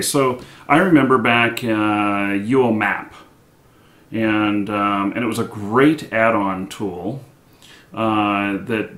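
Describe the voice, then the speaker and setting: Man, interviewer, slow deliberate pace, roomy echo, halting questions. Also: lowish voice, fairly bright tone. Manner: halting, searching for words.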